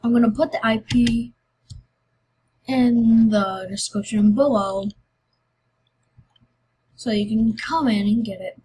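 A woman's voice: on the high side, slow, pauses often, dark tone, a little hiss or hum, low-quality recording. A woman YouTuber chatting casually and rambling through a game giveaway video. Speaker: Minecraft YouTuber.

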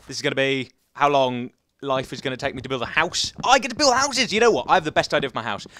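A man's voice: medium pitch, animated, fast talker, pushed and bright, dry recording. A young man giving chatty, rambling commentary while playing a survival game, talking to the viewers and to the animals. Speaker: gaming YouTuber.

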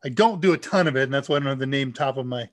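A man's voice: medium pitch, rapid-fire. A man with a nasal voice from the US Midwest, hosting a casual live Q&A stream and chatting keenly about tech.

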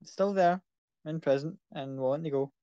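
A man's voice: a little high, normal speed, dark tone, clean tone, dry recording, lo-fi sound. A man narrating a tabletop game as game master, in a casual, loose style.

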